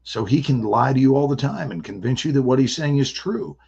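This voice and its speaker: A man from the American South, an actor guest telling stories in a playful, animated way. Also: mid-range voice, brisk, vocal fry, breathy edge, highs cut off. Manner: playful, animated, slips into character voices. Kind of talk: casual interview storytelling.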